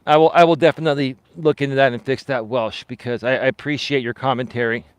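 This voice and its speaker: A man talks to his livestream viewers while he walks outdoors, reading their comments aloud and answering in an easygoing, chatty way. His voice is smooth and clear, with a middling pitch, and the sound is dry and close. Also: steady tone, fast, no echo. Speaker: life coach livestreaming. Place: outdoors on a walk.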